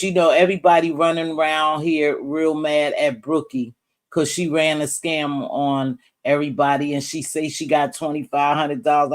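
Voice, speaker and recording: A middle-aged woman hosting a casual livestream, chatting with viewers and giving gossip commentary, her voice jumping high when she gets worked up. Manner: animated, jumps high when worked up, reads out and greets chat viewers. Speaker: livestream host.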